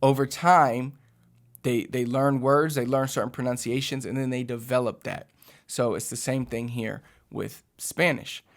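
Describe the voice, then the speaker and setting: A man's voice: mid-range voice, fairly even intonation, unhurried. Rambling man giving a casual language lesson. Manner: rambling, repeats and restarts phrases; conversational, addresses viewers directly. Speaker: online Spanish teacher. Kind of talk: casual talking-head lesson.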